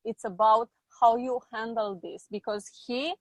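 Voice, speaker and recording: A woman coaching a client through feelings and then guiding a slow healing exercise, repeating short phrases calmly. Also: fairly high pitch, dry recording, low-quality recording. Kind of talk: guided coaching session.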